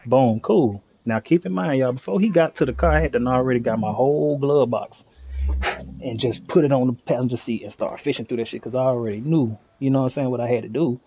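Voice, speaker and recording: A man on a live stream, telling a story in an animated, slangy way with lots of "you know what I'm saying.". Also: medium pitch, brisk, lo-fi sound, slight background noise. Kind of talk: casual storytelling.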